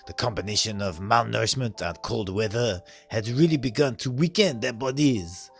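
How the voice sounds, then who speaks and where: A man voicing a gentle, caring young master of cat girls in a fan dub of a visual novel, reading earnestly. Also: on the low side, normal speed, creaky, soft background music.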